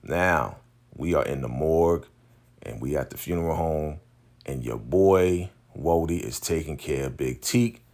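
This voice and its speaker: A man recapping a TV episode in casual chat, retelling it in an animated way with slang and lots of fillers. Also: rumbling low, a little slow. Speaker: TV recap host.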